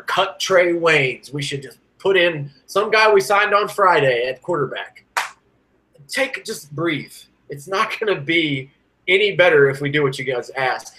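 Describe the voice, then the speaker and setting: Ranting man on a sports podcast. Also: rough recording. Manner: animated, ranting, swings from loud to low. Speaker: podcast co-host. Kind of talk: casual sports podcast chat.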